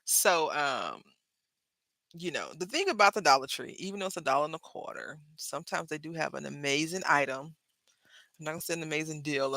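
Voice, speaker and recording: A woman's voice: low voice, pushed and bright, dry recording. A woman hosting her crafting channel, chatting casually to viewers while she works at her craft desk. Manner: chatty, talks straight to viewers and chat, laughs often.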